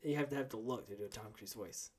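A man's voice: on the low side, quick pace, breathy edge. A man hosting a podcast in casual chat, teasing his guest in a dry way. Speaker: podcast host.

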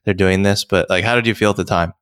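A man's voice: low voice, steady tone, fast, a bit bright, smooth. A man hosting a podcast, reacting with sympathy and asking probing questions in casual chat. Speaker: podcast host.

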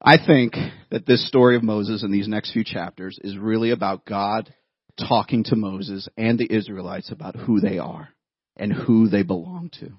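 A man in his thirties, a pastor, preaching a sermon and telling a childhood story in an animated way, laughing at himself. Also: fairly low pitch, normal speed, breathy edge, no room sound, muffled recording.

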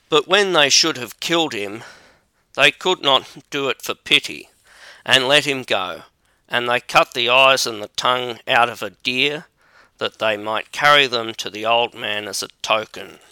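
Male audiobook narrator, measured storybook reading, smooth resonant voice, dry close mic. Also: medium pitch, bright, forceful tone, no echo. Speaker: audiobook reader.

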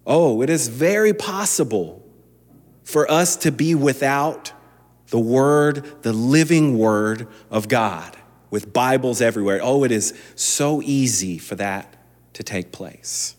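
A pastor delivers his sermon in a conversational, restart-prone way, his voice climbing into impassioned emphasis as he presses a point. His pitch sits in an ordinary middle register. A long reverb hangs on every phrase, as in a large sanctuary. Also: lively intonation, slow pace.

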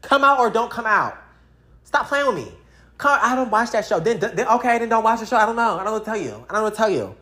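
A woman's voice: on the high side, expressive, fast, fairly bright tone. A woman ranting casually to camera, blunt and profane, with lots of slang, addressing her viewers directly. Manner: talks straight to viewers, addressing them. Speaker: vlogger.

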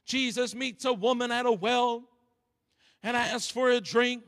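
A man preaching a sermon in a slow, deliberate cadence. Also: very high voice, steady tone, fairly bright tone. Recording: long reverb of a large hall.

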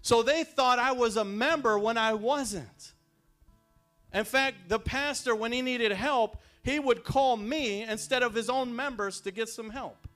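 A man preaching a sermon, telling personal stories and building to fervent shouts. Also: extremely high pitch, measured pace, soft background music.

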